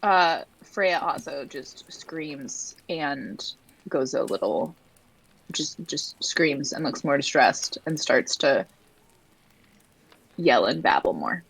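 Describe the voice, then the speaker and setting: A woman's voice: sits low, sing-song, slow pace, creaky, slightly rough, poor audio. A woman playing a tabletop role-playing game, describing her character's actions with many hesitations and likes. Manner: hesitant, full of likes and restarts. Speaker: player. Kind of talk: casual role-play talk.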